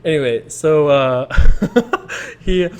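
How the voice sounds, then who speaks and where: A man's voice: a little high, big pitch swings, very slow, a little mellow, smooth. A young man telling a rambling, self-amused story over casual poker video commentary, with frequent restarts.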